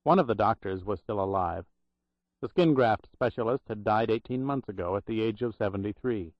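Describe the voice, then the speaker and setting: A man's voice: fairly low pitch, dry recording. Man reading an audiobook, dry and muffled. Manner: measured, even reading; plays the protagonist in his own voice. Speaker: audiobook narrator. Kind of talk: scripted narration. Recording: dull dry audiobook recording.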